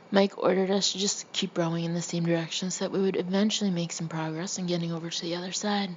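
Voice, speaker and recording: A woman's voice: on the low side, little pitch movement, quick pace, few pauses. A woman reading her own funny memoir aloud, often breaking into laughter as she goes. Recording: slightly dull lo-fi recording with faint background hiss.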